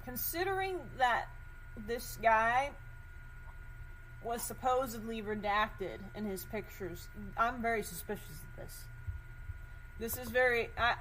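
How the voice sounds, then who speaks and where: A woman's voice: mid-range voice, a bit bright, slight background noise, poor audio. Curious woman host thinking aloud. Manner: thinks aloud, curious and suspicious, many fillers. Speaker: podcast host. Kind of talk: casual commentary while searching documents.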